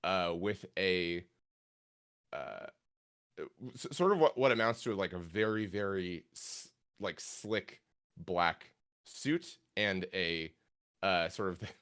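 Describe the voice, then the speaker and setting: A man running a tabletop game as game master, narrating haltingly with many fillers. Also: deep voice, fairly bright tone, smooth.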